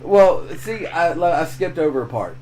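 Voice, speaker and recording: A man's voice: on the high side, animated, unhurried, a little mellow. Laid-back, swearing male game streamer. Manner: profane, laughing, loose storytelling. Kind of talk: casual chat while gaming.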